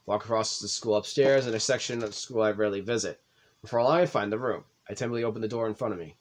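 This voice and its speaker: Man reading a visual novel aloud. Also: fairly low pitch. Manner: plain, slightly halting read-aloud. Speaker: let's play host.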